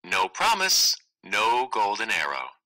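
A man's voice: lowish voice, huge pitch swings, slow, sharp tone, full character voice, poor audio. A man voicing a clever, enchanted little female frog in a read-aloud play, wry and teasing. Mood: bargaining. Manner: wry, teasing, matter-of-fact.

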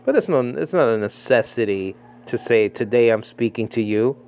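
Animated, mocking man with a lively voice. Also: medium pitch, normal speed. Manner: animated, mocking, many fillers and repeats. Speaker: Bible commentator. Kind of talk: casual spoken commentary on a debate. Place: living in the Philippines.

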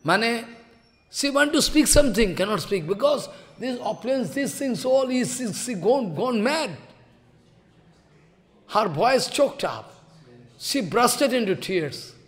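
Guy with a high voice, slow devotional sermon, long hall echo. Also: animated. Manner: slow storytelling, repeating phrases, chanting verses. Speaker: spiritual teacher. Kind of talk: devotional sermon with chanted verses.

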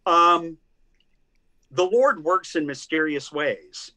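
With a fairly high, sharp voice, an older man from Tennessee speaks slowly but animatedly in a Southern accent. He's a guest critic telling stories during a casual video-call interview, restarting frequently and laughing often.

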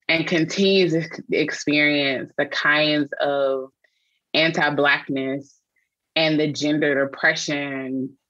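A woman's voice: deep voice, a bit bright, dry recording, dull audio. A woman theologian being interviewed on a podcast, speaking earnestly and reflectively with frequent restarts. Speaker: guest, theologian and author.

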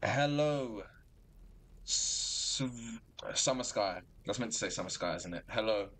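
Lively, slow-talking man streaming a game. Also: fairly low pitch. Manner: animated, excitable, laughs often. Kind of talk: casual gameplay commentary. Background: game music.

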